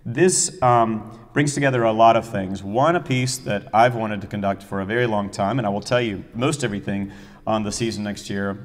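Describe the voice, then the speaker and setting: A man's voice: on the low side, moderate pace. A middle-aged man, an orchestra's music director, talking casually and enthusiastically about the coming season, with some fillers. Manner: chatty, enthusiastic storyteller with fillers. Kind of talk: casual season announcement talk. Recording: long hall reverb.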